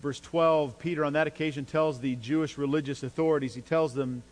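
A man preaching a sermon as a pastor, emphatic, his voice climbing in pitch and force when he drives a point home. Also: fairly even intonation, a little fast, hardly any pauses. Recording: long hall reverb with mains hum.

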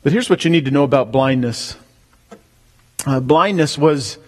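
A man preaching a sermon as pastor, emphatic, swelling to near-shouts on key words. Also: medium pitch, normal speed, long pauses, big-room sound.

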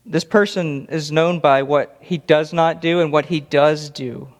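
Man, preacher, expository sermon, emphatic, slightly high-pitched, reverberant sanctuary. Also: steady tone, unhurried. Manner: earnest, emphatic, repeats words for stress. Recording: long reverb of a large hall.

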